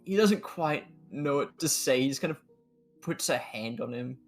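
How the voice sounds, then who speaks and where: A man's voice: medium pitch, expressive, normal speed, faint music behind. Hesitant man playing a role-play game. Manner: hesitant, stumbling. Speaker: player. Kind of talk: describing his character's actions in a role-play game.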